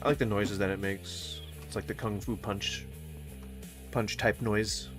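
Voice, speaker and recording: A man giving casual let's-play commentary, goofy and rambling, with sing-song wordplay and sudden mock yelling. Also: lowish voice, fairly even intonation, measured pace, music in the background. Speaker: gaming streamer.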